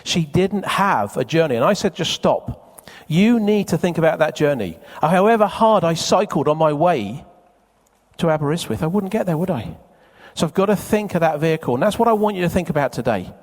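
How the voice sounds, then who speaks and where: A man speaks live at a seminar and keeps questioning and teasing the crowd. His voice sits high and swings widely. It carries a long reverb of a big hall. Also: lively intonation, a little fast. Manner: chatty, teasing, quizzes the crowd. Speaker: event speaker. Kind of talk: live seminar talk to an audience. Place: conference hall with a live audience.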